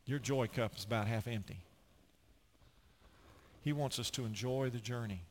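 Over a slight hiss or hum, a middle-aged American pastor talks at an ordinary pace in a medium-pitched voice. His sermon is animated and anecdotal, and he acts out the quotes.

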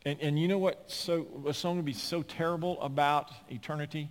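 A man preaching from the pulpit, his somewhat high voice rising into emphatic, near-shouted declarations. He talks in a folksy way, repeating words and looping back through phrases. His sermon rings out with a long reverb through a large church sanctuary. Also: steady tone, normal speed, hardly any pauses. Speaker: pastor.

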